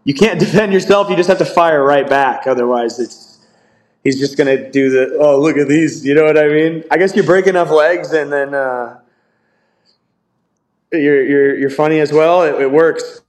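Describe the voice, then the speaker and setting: A young grappler guesting on a podcast chats casually in an interview, easygoing, laughing often, and saying "like" a lot. His voice is a little high at normal speed, and the recording quality is low.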